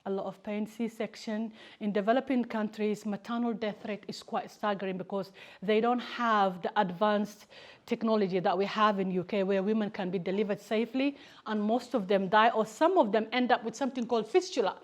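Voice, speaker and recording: A woman whose first language is Somali, giving a lively personal talk to students as a campaigner, telling stories animatedly. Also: medium pitch, a little fast. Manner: animated storytelling, acts out family members' voices.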